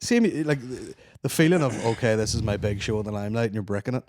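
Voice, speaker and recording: A man's voice: fairly low pitch, fast, a little mellow, no room sound, clean studio sound. A man guesting on a podcast as a comedian, swearing freely while he tells stories. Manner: sweary, storytelling. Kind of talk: casual podcast banter.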